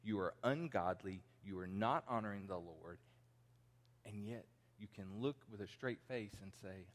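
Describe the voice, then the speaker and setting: A man's voice: fairly low pitch, moderate pace. Man in his forties preaching in a reverberant hall. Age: 40s. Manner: conversational preaching with acted-out quotes. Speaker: pastor. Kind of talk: sermon. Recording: long reverb in a large hall.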